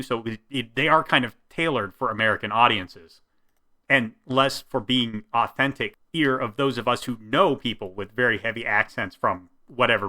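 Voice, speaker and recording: Man delivering a commentary review, bright voice, steady explanatory pace. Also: mid-range voice. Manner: measured, explanatory critique. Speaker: commentator, stage actor. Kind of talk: commentary vlog.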